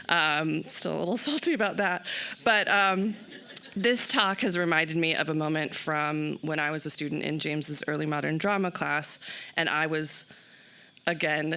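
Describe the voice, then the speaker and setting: Bright, gravelly American-accented tribute speaker. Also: medium pitch. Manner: warm storytelling with frequent laughs and fillers. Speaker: former student speaker. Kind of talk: reflective tribute speech. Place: symposium event.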